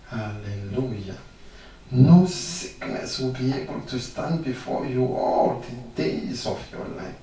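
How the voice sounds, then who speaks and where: Slow, echoey male preacher. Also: medium pitch, darkish tone, slight background noise. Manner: declares scripture and healing confessions, building in emphasis. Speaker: pastor. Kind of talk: preaching sermon. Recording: echoey room, mic at a distance.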